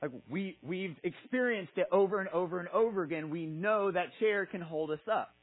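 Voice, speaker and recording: Husky-voiced man giving a playful sermon. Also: high-pitched, normal speed, poor audio. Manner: animated, acts out characters in a playful storytelling way. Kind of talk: casual sermon.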